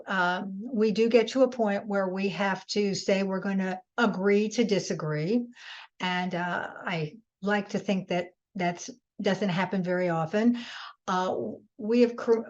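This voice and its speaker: Earnest woman presenter, lo-fi audio. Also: mid-range voice. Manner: earnest, advising, many restarts. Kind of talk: webinar Q&A answers.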